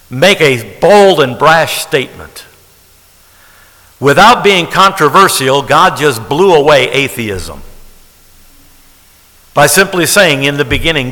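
A man's voice: on the high side, bright, forceful tone, long reverb tail, poor audio. A man preaching a sermon as pastor, talking in a conversational way and repeating key phrases for emphasis.

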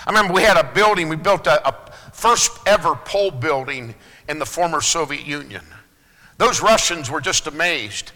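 A pastor preaching a sermon to his congregation, moving between loud preaching and hushed, low asides. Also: animated, moderate pace. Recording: long hall reverb.

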